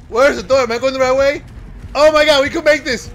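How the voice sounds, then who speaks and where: A man streaming a horror game, reacting with loud exclamations and frequent laughter. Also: very high-pitched, steady tone, brisk, poor audio. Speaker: livestreamer. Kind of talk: excited gameplay commentary.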